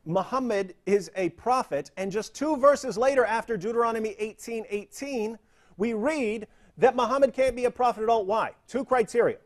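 Male host, higher pitch, methodical argumentative delivery. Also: moderate pace. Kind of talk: religious debate commentary.

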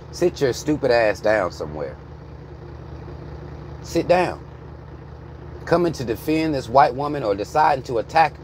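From inside a car, a US man in his thirties delivers a blunt, expletive-heavy vlog rant. His mid-range voice has a darkish tone, and a little hiss or hum is present.

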